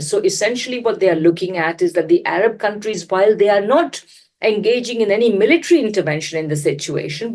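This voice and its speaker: A woman giving measured political commentary, explaining her points at length and often restarting a sentence. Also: medium pitch, a little mellow. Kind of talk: analytical commentary.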